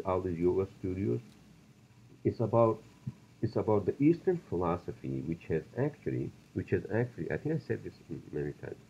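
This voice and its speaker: A man's voice: deep voice, highs cut off, slight background noise. A man hosting a solo podcast, talking bluntly and profanely in a loose, ranting way. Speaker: podcast host.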